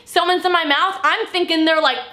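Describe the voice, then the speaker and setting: A woman in her twenties telling a joking storytime for her vlog in an animated way. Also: very high-pitched, fairly quick. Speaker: vlogger. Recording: echoey room.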